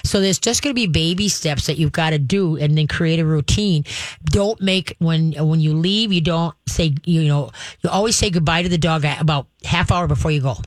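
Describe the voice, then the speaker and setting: A woman's voice: low voice, moderate pace, no room sound. A woman hosts a radio call-in show, giving dog-training advice in a casual, chatty way. She laughs often and acts out what the dog might be thinking. Her voice comes through a studio microphone with a dry, close sound.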